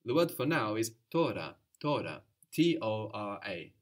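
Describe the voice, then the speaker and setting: Male teacher, calm and patient, walks a student through phrases step by step. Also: on the low side, measured pace. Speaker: language teacher. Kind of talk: guided language lesson.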